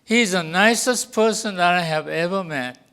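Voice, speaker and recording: Older man, English speaker, storytelling to an audience, smooth resonant voice, fairly high pitch. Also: sharp tone. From Japan. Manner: deliberate, acts out quoted dialogue. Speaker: guest speaker.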